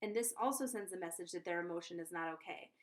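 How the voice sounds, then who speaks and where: A woman's voice: fairly low pitch, quick pace. A woman giving parenting advice in a casual vlog, chatty and earnest, often checking in with the viewer. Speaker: conscious parenting coach.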